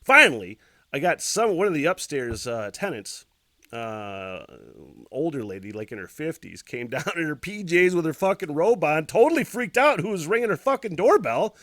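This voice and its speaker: A man hosting a podcast and telling a story, swearing freely and acting out loud noises. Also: a little high, normal speed, no room sound, studio quality. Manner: profane, expressive retelling with loud sound effects. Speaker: podcast host.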